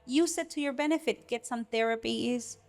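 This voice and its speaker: A woman co-hosting a podcast for child care providers, talking in an earnest, animated way with frequent restarts. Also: fairly high pitch, moderate pace. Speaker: podcast co-host. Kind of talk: casual podcast conversation.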